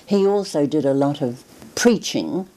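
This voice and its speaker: Older New woman with a very low voice. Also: lively intonation, unhurried, warm tone, poor audio. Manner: reflective, hesitant with restarts. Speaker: interviewee recalling her grandfather. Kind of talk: oral history interview.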